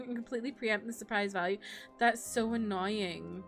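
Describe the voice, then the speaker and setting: A young woman streamer with a slightly high, somewhat bright voice keeps a brisk pace and fairly even intonation while chatting sarcastically during gameplay. She rants and laughs often, with faint music behind her.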